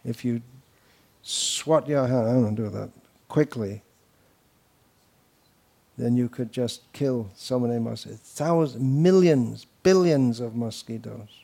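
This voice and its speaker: A man delivering a devotional lecture to a gathered audience. He talks in a loose, rambling way, full of anecdotes and teasing asides, his voice sitting at an ordinary middle pitch. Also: slow pace, gravelly, mellow. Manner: wandering, anecdotal, with mocking asides. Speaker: spiritual teacher.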